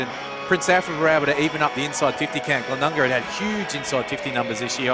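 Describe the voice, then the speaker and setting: An Australian man giving chatty, analytical expert commentary on a football match. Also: mid-range voice. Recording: loud crowd and music behind.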